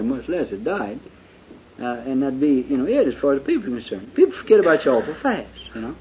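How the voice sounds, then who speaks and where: A man preaching a sermon in a folksy way, dropping to hushed confession and then rising to fervent shouting. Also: medium pitch, big pitch swings, a little fast. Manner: folksy, with lots of "you know". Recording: dull lo-fi recording with faint hiss.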